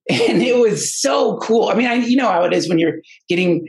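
A man's voice: high voice, expressive, normal speed, vocal fry, low-quality recording. A man, a podcast guest, telling an earnest personal story in casual, rambling talk full of restarts and fillers. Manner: emotional, earnest.

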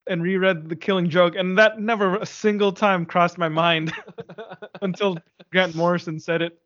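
Podcast co-host, man in his forties, relaxed and thoughtful, slightly high voice, dry muffled sound. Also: normal speed, dry recording. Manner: relaxed, thoughtful, peppered with "you know" and "man". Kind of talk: casual chat.

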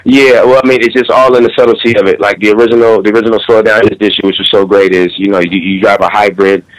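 A battle rapper talking shop in a loose podcast conversation, slangy and animated, now and then reciting his own bars. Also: lowish voice, racing, poor audio. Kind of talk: casual podcast chat.

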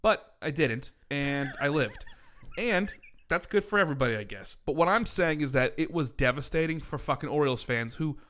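A man's voice: fairly high pitch, expressive, moderate pace, a bit bright. A man co-hosting a casual podcast, joking and swearing freely and laughing often as he talks about baseball. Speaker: podcast co-host.

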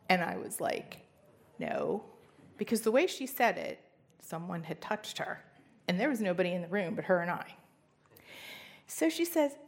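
Gravelly-voiced woman sharing a testimony. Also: medium pitch, fairly quick. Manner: earnest storytelling with emphatic rises. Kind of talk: personal testimony talk.

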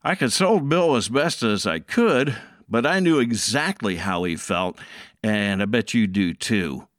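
A man tells a story in a relaxed, folksy, conversational manner. His pace is slow and measured, and the close recording is dry with no room sound. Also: lowish voice, no room sound.

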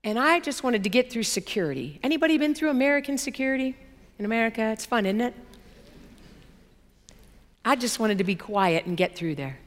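A woman preaching a sermon, telling a story with laughter and acting out the people in it. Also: fairly high pitch. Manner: animated, laughing, acts out quoted people. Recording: long hall reverb.

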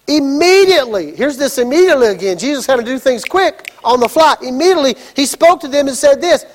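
A pastor delivering a sermon, acting out the story with lively asides and shouts. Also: male voice, very high voice, brisk, hardly any pauses, long reverb tail. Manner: animated storytelling, acts out scenes and shouts.

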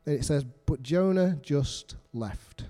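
A man's voice: fairly high pitch, expressive, takes it slowly, warm tone. A middle-aged man preaching a sermon, earnest and repetitive, putting questions to the congregation.

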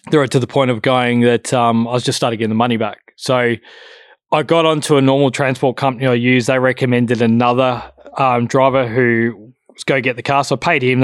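A man's voice: mid-range voice, no echo, clean studio sound. A man telling a story in casual chat, swearing freely and acting out both sides of the conversation.

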